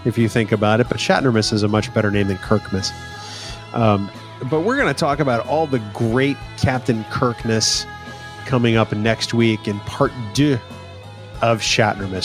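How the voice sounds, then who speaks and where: A man co-hosting a podcast in casual banter, teasing his partner and quick to laugh. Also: medium pitch. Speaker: podcast co-host.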